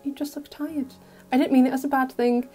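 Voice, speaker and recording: A woman voicing an earnest, kind teenage boy in an audio fic reading, speaking softly and sincerely. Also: sits high, fairly even intonation, fairly quick, husky, soft background music.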